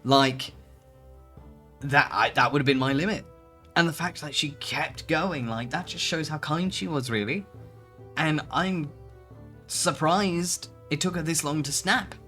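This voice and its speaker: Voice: mid-range voice, a little slow, sharp tone, soft background music. A streamer chatting casually while reading posts aloud, laughing often and swearing casually. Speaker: VTuber streamer.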